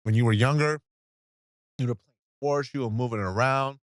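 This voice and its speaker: A man's voice: mid-range voice, moderate pace, no room sound, studio quality. A man co-hosting a casual food podcast, bantering bluntly with profane roasting jokes. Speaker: podcast co-host.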